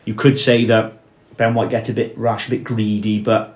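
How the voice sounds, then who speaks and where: A low-voiced man co-hosts a casual football chat on a podcast, recorded with a roomy echo. His delivery is flat and measured; he trails off and restarts, dropping his voice on key points.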